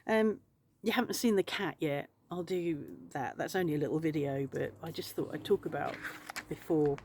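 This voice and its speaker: A woman's voice: low voice, moderate pace, a little mellow, a little hiss or hum. A woman vlogging from home, rambling and outspoken, swearing freely. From England. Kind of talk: casual chat to camera. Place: home in France.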